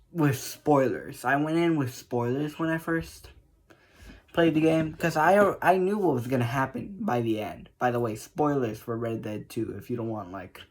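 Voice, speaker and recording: Man, casual vlog monologue, chatty, emotional, frequent laughter, rambling restarts, middle pitch. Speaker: gaming vlogger.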